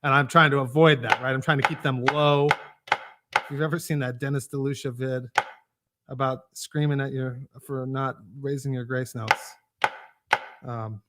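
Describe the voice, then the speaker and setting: A man's voice: mid-range voice, fairly even intonation, moderate pace, heavy background noise. A man giving a casual drum lesson, explaining rudiments and counting off exercises as he plays. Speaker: drum instructor. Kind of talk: live online drum lesson. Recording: loud drumming and clicks behind.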